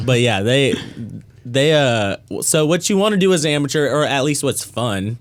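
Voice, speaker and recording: A laid-back man from North Texas, talking as a podcast guest at a middle pitch. He swears freely and slips into other people's voices when he quotes them. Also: lively intonation, normal speed. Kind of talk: casual podcast chat.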